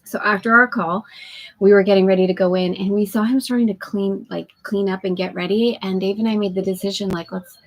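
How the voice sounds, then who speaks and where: Anchored on a sailboat, a woman hosts a live spiritual women's group call, chatting effusively, laughing often and greeting viewers by name. Her mid-range voice is steady and a little fast. The recording is rough.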